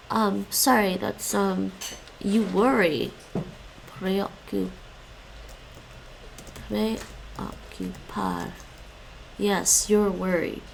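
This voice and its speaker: Slow, gravelly-voiced woman streamer. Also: medium pitch, a bit bright, a little hiss or hum, low-quality recording. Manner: thinks aloud, self-correcting, explaining grammar. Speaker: live streamer studying languages. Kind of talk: casual live-stream language study.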